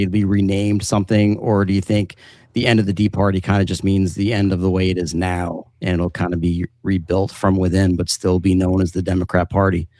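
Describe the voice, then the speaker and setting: Stream host: man, lower voice, relaxed, chatty, loose delivery. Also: no room sound. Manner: relaxed and chatty, many fillers. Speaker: host of a livestream show. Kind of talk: casual chat.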